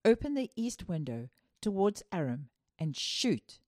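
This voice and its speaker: Woman reading a solemn dying old prophet, low dark voice, dry close sound. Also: sing-song, measured pace, no echo. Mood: solemn urgent.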